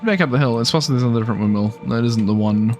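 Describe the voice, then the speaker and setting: A man's voice: mid-range voice, very fast, darkish tone, faint music behind. A man giving casual let's play commentary while he plays a game, with offhand, mumbling asides. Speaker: gameplay commentator.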